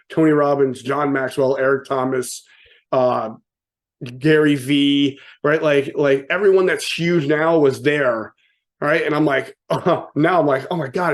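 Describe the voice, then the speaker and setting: A man giving a casual, joking motivational talk to an audience, often asking "right?" and acting out quotes with sudden voice changes. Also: mid-range voice. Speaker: motivational speaker.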